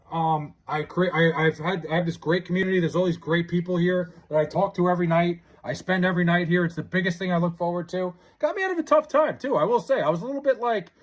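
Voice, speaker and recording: This young man's voice is high-pitched as he live-streams, chatting casually and reading viewers' comments. Excitable, he stammers and keeps restarting.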